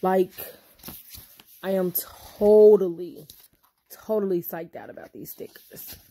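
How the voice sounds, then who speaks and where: A woman's voice: medium pitch, fairly even intonation, slow, mellow. A young woman vlogging casually, sassy and effusive, calling her viewers y'all and honey. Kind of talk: casual vlog chat.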